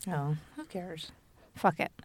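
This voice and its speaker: A woman co-hosting a podcast in casual chat, blunt and quick to swear, laughing along with her partner. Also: on the low side, big pitch swings. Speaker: podcast co-host.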